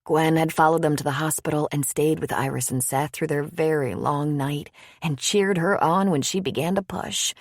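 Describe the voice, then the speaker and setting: A woman narrating an audiobook in an even, measured way on a close studio mic. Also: sits low, dry recording. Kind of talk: scripted narration.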